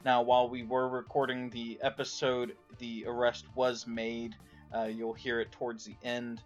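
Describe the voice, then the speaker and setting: A man's voice: mid-range voice, flat delivery, moderate pace, lo-fi sound. Guy doing a podcast intro, explains things plainly, says uh a lot, faint guitar music behind. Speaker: podcast co-producer. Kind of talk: spoken episode introduction.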